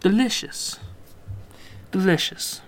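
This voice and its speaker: A man's voice: high-pitched, expressive, slow pace. Profane, mock-outraged podcast co-host man. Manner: profane, mock-outraged, loud ranting bursts. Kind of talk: casual podcast banter.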